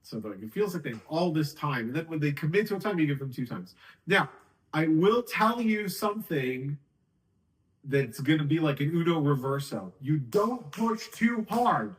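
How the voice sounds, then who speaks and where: Guy explaining sales calls to camera, kinda high voice, chatty, acts out the phone bits. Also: sing-song, poor audio. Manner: conversational, acts out phone lines, slows down to demonstrate. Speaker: sales coach. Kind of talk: casual talking-head tutorial.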